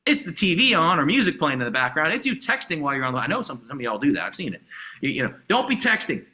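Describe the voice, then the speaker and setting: Hyped, bright-voiced male sales coach. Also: on the high side, fast. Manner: energetic, hyped, repetitive exhortations. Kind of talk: motivational sales training talk. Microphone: video call.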